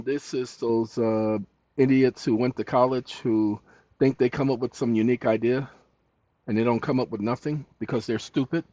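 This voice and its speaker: A man hosting casual screen-recording commentary, animated and scolding as he talks to a chatbot and his viewers. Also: medium pitch, no room sound. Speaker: channel host. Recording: dull dry lo-fi mic.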